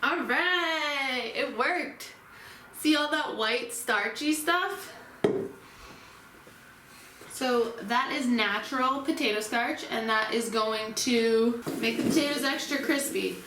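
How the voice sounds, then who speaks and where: A woman's voice: sits high, slow pace, bright, forceful tone, echoey room, recorded from a distance, a little hiss or hum. A woman hosting her own cooking vlog, chatting casually and unsure of herself as she cooks in a home kitchen. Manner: chatty, unsure, self-deprecating while working. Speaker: cooking vlogger.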